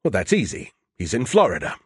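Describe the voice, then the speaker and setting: A man's voice: medium pitch, very animated, moderate pace, slightly rough, no echo, studio quality. A man voicing an arrogant, snarky male alien AI that talks down to humans. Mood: mocking. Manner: condescending, mocking.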